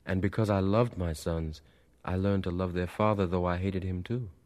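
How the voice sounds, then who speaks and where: A man's voice: deep voice, fairly even intonation, normal speed, a little mellow, lightly acted. A man doing a sorrowful old woman. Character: old woman singer of spirituals, sorrowful and wise.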